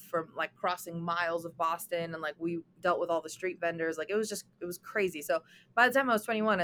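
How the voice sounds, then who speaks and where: A young adult woman, a guest, telling her story in an animated way, with lots of "like"s. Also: fairly low pitch, slight background noise. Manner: animated, fast storytelling with many "like"s. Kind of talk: storytelling interview chat.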